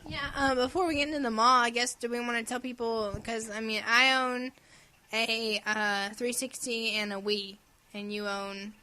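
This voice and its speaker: A woman co-hosting a casual gaming podcast, giggly and animated, who often acts out silly voices. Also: on the high side, moderate pace, a little hiss or hum. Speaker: podcast co-host.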